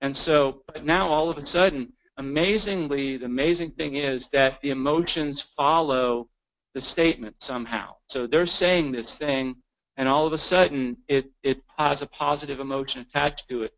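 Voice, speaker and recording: A man's voice: a little high, normal speed, creaky, fairly bright tone, rough recording. A man presenting a continuing education lecture in a conversational way, often restarting words and acting out the lines of clients and staff. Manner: informal, repeats words, acts out quoted clients.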